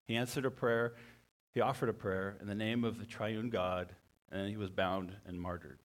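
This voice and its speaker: A man preaching a sermon as a pastor, halting and often repeating his words. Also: lowish voice, fairly even intonation.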